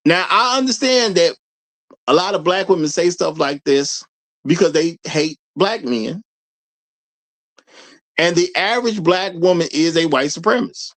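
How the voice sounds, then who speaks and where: Lively, laughing male stream host. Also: on the high side, unhurried, pauses often. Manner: laughs often, repeats lines for emphasis; rhetorical, questions the audience. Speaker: show host. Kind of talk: casual live-stream commentary.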